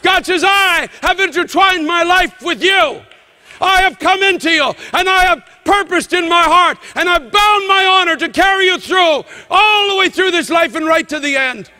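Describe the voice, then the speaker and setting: A man preaching a fervent sermon as pastor, shouting and quoting scripture. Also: very high voice, moderate pace, in a large hall.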